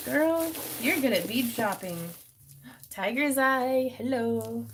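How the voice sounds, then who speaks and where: Excitable woman chatting on a craft livestream. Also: sits high, slow, slight background noise. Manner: excitable, gasping and laughing over gifts. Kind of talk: casual live stream chat. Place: home craft room. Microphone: phone.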